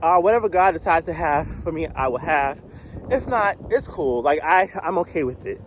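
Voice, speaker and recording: A young man with a high, light voice films a candid confessional on his phone while he walks to work on a cold, windy street. He talks in a loose, rambling way and laughs often, and faint traffic noise sits under his voice. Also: lively intonation, normal speed. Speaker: vlogger. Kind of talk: casual confessional vlog. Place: outdoors on a cold windy city street, walking. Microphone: phone held at arm's length.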